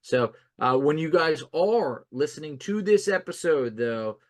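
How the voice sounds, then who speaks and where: A man's voice: on the high side, expressive, a little slow. A man co-hosting a sports podcast, chatting casually and rambling in a self-deprecating way, often restarting his sentences.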